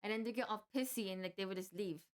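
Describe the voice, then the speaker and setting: A woman's voice: mid-range voice, fast talker. A young woman telling a work story casually, with rambling restarts and frequent fillers. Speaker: vlogger.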